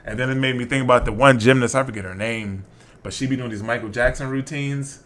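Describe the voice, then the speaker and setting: A man's voice: medium pitch, fast. A man co-hosting a podcast, telling stories in casual chat with frequent laughs and restarts. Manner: animated, laughing storyteller with many restarts. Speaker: podcast co-host.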